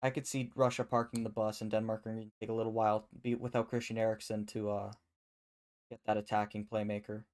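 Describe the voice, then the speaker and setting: A man's voice: on the low side, little pitch movement, quick pace, darkish tone. A man co-hosting a casual chat over an online call, laid-back and joking as he calls each turn. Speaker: co-host.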